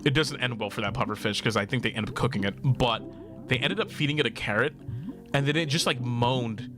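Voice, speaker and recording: A man's voice: mid-range voice, a little fast. A man streaming a video game, chatting casually, laughing often and swearing freely. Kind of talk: casual gaming stream chat. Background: game music.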